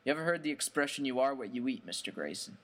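A man voicing a greasy, menacing male diner cook with a deep, gruff voice and slow, sinister questions. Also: expressive, fairly bright tone.

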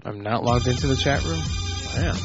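A man's voice: medium pitch, fairly quick. Male host of a scrappy prank call show, loose and profane, lo-fi audio with music behind. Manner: profane, rambling, off-the-cuff. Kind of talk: casual live show banter. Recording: muffled lo-fi internet radio.

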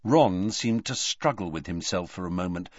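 A man reading a story aloud as audiobook narrator in a measured, expressive way. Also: low-pitched, no echo. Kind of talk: scripted narration. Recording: slightly dull, dry audiobook recording.

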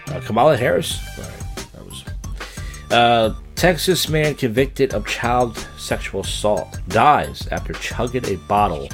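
A man's voice: mid-range voice, lively intonation, measured pace, faint music behind. A man hosting a comedy podcast, giving crude, sarcastic running commentary on a video clip. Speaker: podcast host.

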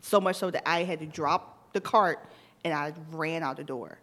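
A woman in her thirties, co-hosting a podcast, telling a story in casual chat with lively acted-out quotes. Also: sits low, moderate pace. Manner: animated, tells stories with acted-out quotes. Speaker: podcast co-host.

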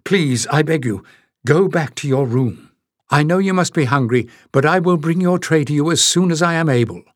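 A man voicing an anxious, gentle woman who speaks softly and pleadingly. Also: a little high, normal speed, dry recording, studio quality, pitched above the performer's own voice, lightly acted. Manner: pleading and soft.

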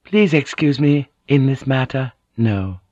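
A man's voice: mid-range voice, lively intonation, unhurried, darkish tone, dry recording, lo-fi sound, voice pushed up. A man voicing a devout noblewoman who answers formally and politely but firmly. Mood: resolute. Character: proud, devout noblewoman, calm and resolute.

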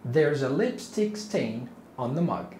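Slow, patient male English teacher. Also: mid-range voice, sing-song, a little mellow. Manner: slow, patient, repeats each phrase. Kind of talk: slow repeat-after-me English lesson. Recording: echoey room with faint noise.

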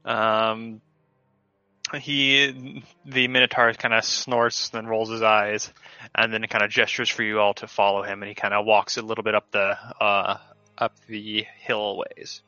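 A man running a tabletop game as game master, narrating loosely with lots of fillers. His bright voice comes through dry, muffled call audio with faint music underneath. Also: lowish voice, flat delivery, unhurried, dry recording. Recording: dull lo-fi online call audio.

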